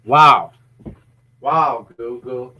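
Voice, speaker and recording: A man's voice: medium pitch, extremely slow, bright, forceful tone. A man co-hosting a podcast in casual chat, joking and playful over a voice call. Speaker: podcast co-host.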